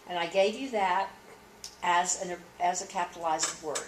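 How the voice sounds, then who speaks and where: A woman's voice: lowish voice, a little hiss or hum. Woman dictating punctuation aloud, echoey. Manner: measured dictation, then explaining points. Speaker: court reporting instructor.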